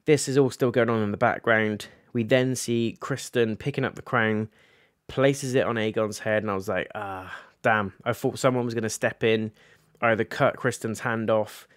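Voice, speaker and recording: A man's voice: medium pitch, fairly even intonation, normal speed, no echo, studio quality. A man gives a casual episode review, animatedly recapping scenes and acting out the characters' lines.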